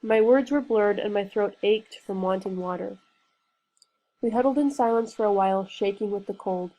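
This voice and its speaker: A woman reading a novel aloud in a steady, earnest storytelling manner. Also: medium pitch, normal speed, poor audio. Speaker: reader. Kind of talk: audiobook narration.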